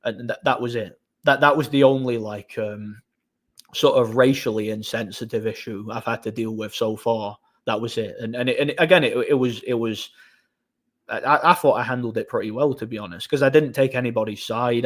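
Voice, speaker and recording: A man's voice: medium pitch, fairly even intonation, fairly quick. A man hosting a casual live stream, telling long stories with many restarts and small laughs. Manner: rambling storytelling with frequent restarts.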